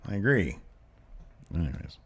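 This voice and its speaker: A young adult man from the United States co-hosting a casual wrestling review podcast, animated and jokey, slipping into quick put-on voices. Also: deep voice, breathy edge. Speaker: podcast co-host.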